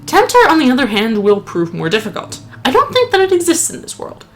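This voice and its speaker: A woman co-hosting a let's play, chatting casually and reading in-game notes aloud in a slow, solemn voice. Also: high-pitched, huge pitch swings, slight background noise. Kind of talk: casual gameplay chat and read-aloud.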